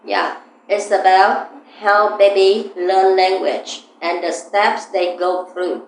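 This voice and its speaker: A woman leads an English reading class at a slow, unhurried pace, patiently walking students through questions. Her mid-range voice carries with a roomy echo around it. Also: medium pitch, fairly even intonation. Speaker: English teacher. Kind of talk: classroom lesson.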